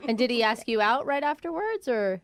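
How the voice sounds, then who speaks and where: High, lively female radio co-host. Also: fairly quick. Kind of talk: morning radio banter.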